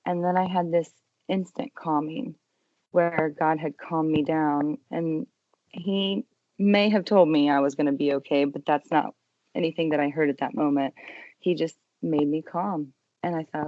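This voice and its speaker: A young adult woman telling her story as a podcast guest, earnest and emotional, dropping to a hush when quoting herself. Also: sits low, steady tone, unhurried, no echo, highs cut off. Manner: earnest, emotional retelling with quiet hushed quotes. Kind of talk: personal testimony in an interview.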